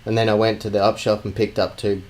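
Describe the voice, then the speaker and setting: A man's voice: on the low side, little pitch movement, fast talker, a little mellow, rough recording. An Australian man co-hosting a podcast, rambling through stories and teasing his co-host. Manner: rambling, teasing, many fillers. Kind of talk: casual chat.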